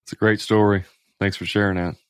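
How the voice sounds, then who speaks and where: A man's voice: lowish voice, level tone, fairly quick, clear, resonant tone, no echo, clean studio sound. A man co-hosting a podcast, joking casually with his partner in a laid-back, teasing manner. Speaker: podcast co-host.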